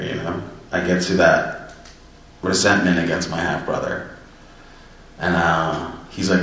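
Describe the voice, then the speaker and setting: A man's voice: deep voice, fairly even intonation, normal speed, sharp tone, slight background noise. A man earnestly and reflectively telling his personal story of recovery. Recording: very echoey room, distant mic.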